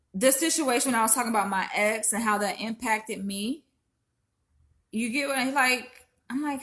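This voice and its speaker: A woman's voice: a little high, normal speed, fairly bright tone. A woman in her twenties from Florida, venting to her viewers in a casual, profane, emotional way and fighting back tears. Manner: emotional, profane, talks straight to viewers as "y'all". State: upset, holding back tears. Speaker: vlogger.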